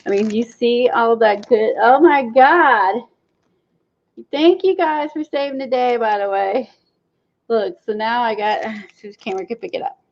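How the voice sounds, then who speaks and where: A chatty woman talks her viewers through a craft project, excitable and quick to gush. Her voice sits a bit high. The stream audio is dull and lo-fi. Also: slight background noise. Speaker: craft livestream host. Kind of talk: casual livestream demo chat.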